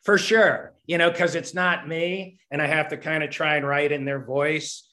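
A man's voice: on the high side, steady tone, moderate pace, bright, forceful tone. A comedy writer and stand-up comic answering interview questions in a long-winded, rambling way, often restarting his sentences.

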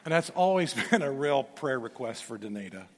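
A man's voice: mid-range voice, big pitch swings, moderate pace. A middle-aged man preaching a sermon, telling folksy stories with joking asides and often repeating or restarting words as he builds a point. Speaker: pastor. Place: large church sanctuary. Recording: long reverb of a large church hall.

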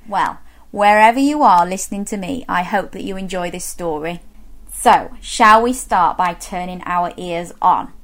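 A woman reading a picture book aloud to young children, animated and sing-song, coaxing them to join in. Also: medium pitch. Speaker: children's storyteller.

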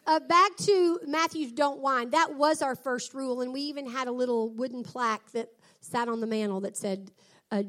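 A woman's voice: high voice, moderate pace, a bit bright. A middle-aged woman and mother, talking earnestly and reflectively about raising her sons. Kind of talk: personal talk on parenting.

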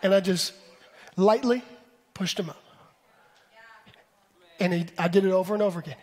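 A man in his thirties preaching a sermon in an animated way, building up to shouts. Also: high voice, normal speed, husky. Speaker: pastor.

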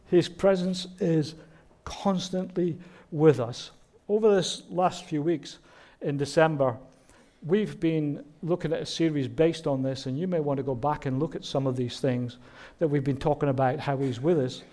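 Male pastor, fairly high voice, earnest sermon delivery. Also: moderate pace. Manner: earnest, warm preaching with rhetorical questions. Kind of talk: Christmas sermon.

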